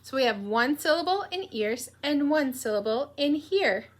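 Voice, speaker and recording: A woman teacher leading a morning meeting for young children, in a slow, animated, sing-song voice with many questions for the kids. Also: sits high. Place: home room.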